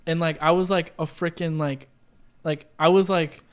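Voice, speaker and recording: A man's voice: a little high, fairly even intonation, moderate pace, clear, resonant tone. A young man telling a story in a casual podcast chat, rambling with lots of fillers and asides. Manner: rambling, lots of "like" and "right?", laughs while telling. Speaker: podcast co-host.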